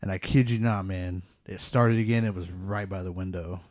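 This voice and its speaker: A man's voice: low-pitched, steady tone, normal speed, darkish tone, dry recording, studio quality. A man hosting a podcast, telling a personal ghost story in a casual, rambling way with many "like" fillers. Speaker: podcast host.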